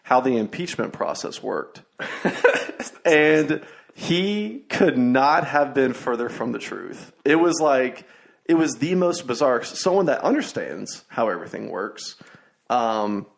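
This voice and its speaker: A man's voice: mid-range voice, animated, slow pace, creaky. A young man hosting a podcast, telling rambling stories in casual chat with lots of fillers and restarts. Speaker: podcast host.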